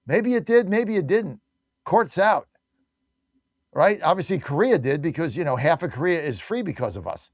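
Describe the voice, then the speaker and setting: High-voiced emphatic talk radio host man. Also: very animated, normal speed, dry recording, studio quality. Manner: emphatic, repetitive, combative. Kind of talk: opinionated talk radio monologue.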